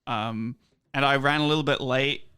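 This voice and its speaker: A young man with a smooth, clear voice tells a story on a casual chat show. He talks in a self-deprecating way and stumbles through plenty of ums and uhs. His pitch sits in the middle range for a man. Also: steady tone, moderate pace, bright, forceful tone. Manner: nervous, self-deprecating, full of fillers. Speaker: guest.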